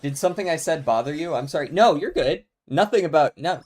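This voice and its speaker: A man's voice: a little high, lively intonation, fairly quick, darkish tone. A man streaming a game, chatting casually with his viewers, laughing often and musing aloud. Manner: laid-back, laughs often, talks to chat. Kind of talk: casual live-stream chat while gaming.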